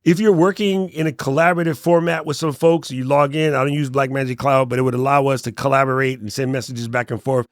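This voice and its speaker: A relaxed man gives a casual screen walkthrough tutorial of app settings, joking as he goes and letting his medium-pitched voice sink low at the ends of sentences. He speaks fast with hardly any pauses, and the recording is dry and close with no room echo.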